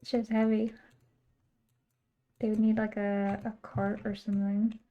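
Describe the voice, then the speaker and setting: A woman's voice: mid-range voice, monotone, unhurried, phone-quality sound. A young woman from the United States chatting casually while she plays a game on stream, rambling through asides and laughing often. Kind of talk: casual chat while gaming.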